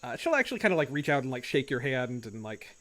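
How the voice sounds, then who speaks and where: A man's voice: mid-range voice, big pitch swings, fast talker, a bit bright. A man running an online tabletop game as game master, narrating loosely with lots of "like" and "kind of". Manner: loose and rambling, full of "like" and "kind of".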